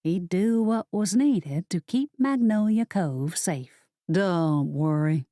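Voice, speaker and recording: A woman narrating a first-person audiobook in a steady, measured storytelling manner. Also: mid-range voice, no room sound, clean studio sound.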